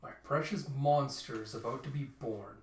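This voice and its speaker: A man voicing a cold, calculating male scientist in a manga readthrough, calm and matter-of-fact. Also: mid-range voice, normal speed, close to an everyday voice. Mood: scheming. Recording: roomy echo, mic at a distance.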